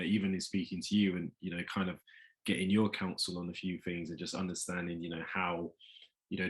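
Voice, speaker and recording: A man hosting an interview, asking long rambling questions full of fillers. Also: sits low. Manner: rambling with many "you know" fillers. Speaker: host. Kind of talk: podcast interview.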